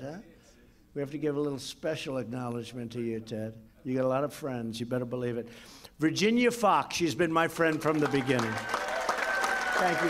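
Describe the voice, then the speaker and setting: An older man giving a boastful, off-the-cuff speech at a podium, full of repetitions and asides. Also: on the high side. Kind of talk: rally-style speech. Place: event venue with live audience. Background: faint crowd.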